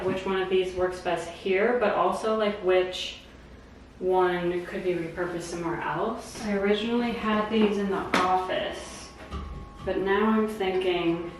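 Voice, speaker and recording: A woman's voice: on the low side, a little hiss or hum. Bubbly American woman vlogging at home. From United States. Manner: bubbly, gushing, lots of "like" fillers. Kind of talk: casual chatty vlog narration. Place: at home, indoors. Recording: roomy echo at home.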